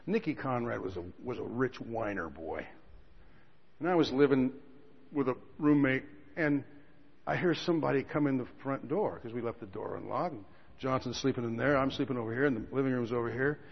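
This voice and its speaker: A man preaching a sermon, telling stories with quiet asides that build to loud outbursts. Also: medium pitch, lively intonation, brisk, vocal fry, husky. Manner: storytelling, swings from quiet asides to shouting. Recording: dull lo-fi recording with a long hall reverb.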